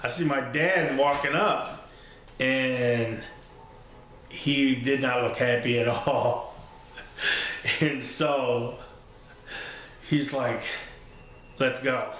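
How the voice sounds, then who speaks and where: A man's voice: medium pitch, fairly even intonation, extremely slow, pauses often, fairly bright tone, a little hiss or hum. A man telling a funny story from his life in a casual, rambling way, laughing often and swearing freely. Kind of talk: casual spoken anecdote. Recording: very echoey room.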